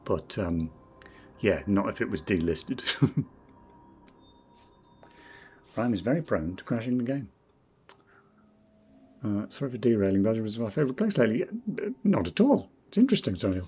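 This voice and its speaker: A man in his forties from Northeast England with a southern English accent, streaming a game in casual commentary, rambling and self-deprecating, muttering quiet asides to himself. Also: fairly low pitch, animated, a little fast, pauses often, slightly rough. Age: 40s. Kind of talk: casual game commentary while reading chat.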